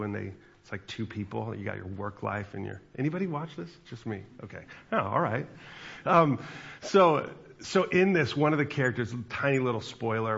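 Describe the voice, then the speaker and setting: A man's voice: fairly low pitch, vocal fry, a bit bright, breathy edge, dull audio. A man in his forties, a pastor, giving a chatty sermon with asides to the congregation.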